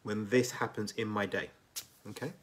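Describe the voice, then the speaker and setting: A man with a fairly low voice runs a live coaching session and talks right to his audience. His delivery is chatty and energetic, studded with quick check-ins like "right?" and "okay?". He sounds like a coach who keeps his viewers talking back. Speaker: weight loss coach. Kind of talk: live-stream coaching talk.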